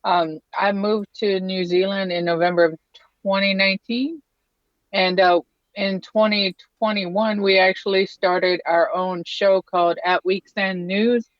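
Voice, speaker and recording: A woman guest talking quickly and giggling from a van. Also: medium pitch, fairly even intonation, no echo, lo-fi sound. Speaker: guest, news show co-host. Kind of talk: casual interview talk.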